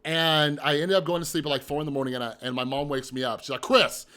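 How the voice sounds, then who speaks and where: A man's voice: a little high, little pitch movement, fast, a bit bright, clean tone. Blunt, profane man telling his story. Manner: blunt, profane, emphatic, rhetorical asides. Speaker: mental health vlogger. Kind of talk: candid personal storytelling.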